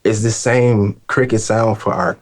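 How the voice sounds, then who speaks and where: A man's voice: lowish voice, steady tone, measured pace. A man hosting a group discussion, talking earnestly with many restarts and fillers. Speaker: host. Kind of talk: casual discussion.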